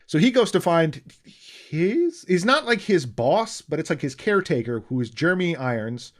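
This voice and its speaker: A man co-hosting a podcast, chatting casually and retelling a film in a rambling, animated way. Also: on the high side, moderate pace, hardly any pauses. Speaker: podcast co-host. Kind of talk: casual chat.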